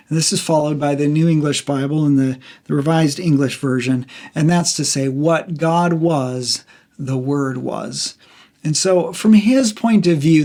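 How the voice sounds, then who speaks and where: A man's voice: on the high side, a little mellow. A man hosting a Bible study podcast, teaching in a casual, conversational way with frequent fillers and restarts.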